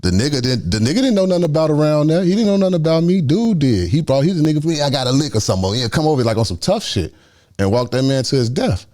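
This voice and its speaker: A man with a Chicago accent telling his life story in a casual, animated way, acting out what people said. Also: on the high side, fast talker. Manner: animated street storytelling, acts out quotes loudly.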